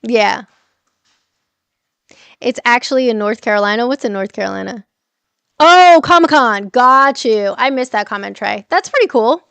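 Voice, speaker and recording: A middle-aged woman chats casually on a livestream, answering her viewers, laughing and swearing freely. Her slightly high voice carries a gravelly fry. The sound is dry and close. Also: lively intonation, moderate pace, pauses often, a bit bright, no room sound. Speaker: livestream host.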